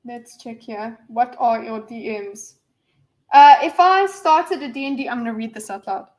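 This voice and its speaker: A woman's voice: fairly high pitch, normal speed. A woman hosting a casual livestream, rambling and reading viewers' messages aloud with lots of fillers and restarts. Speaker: livestream host.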